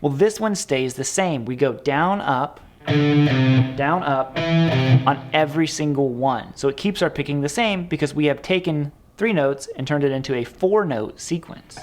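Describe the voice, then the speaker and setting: A man teaching a guitar lesson in an energetic, upbeat, chatty way, with guitar playing behind him. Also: a little high, a little slow.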